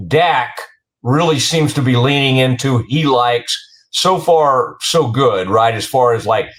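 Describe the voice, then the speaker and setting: A man hosting a casual sports talk interview, speaking in a loose, conversational way as he searches for words. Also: mid-range voice. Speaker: podcast host.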